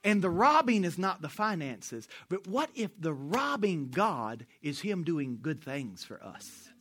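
A man preaching with a high, sharp, bright voice. He talks to the congregation in a loose, storytelling way, tossing out questions for them to answer back. His sermon feels like friendly conversation. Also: very animated, measured pace, husky. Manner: call-and-response with the congregation; conversational, storytelling, with asides to the audience. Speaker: pastor.

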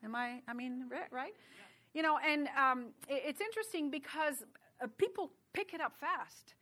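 A middle-aged woman preaches in a bright, forceful voice that sits a little high. She talks to the congregation in a chatty way, full of asides. Her sermon sounds loose and personal rather than read from a script. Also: normal speed. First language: French.

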